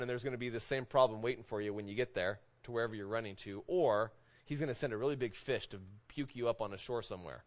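A man's voice: medium pitch, dull audio. A man preaching a sermon to his congregation in a casual, conversational way, often asking "right?". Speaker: pastor. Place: church sanctuary with congregation.

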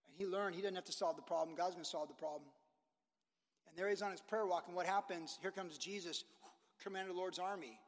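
A man preaching a sermon as a pastor, animated, acting out biblical figures and using casual sports talk. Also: high voice, fast talker, in a large hall.

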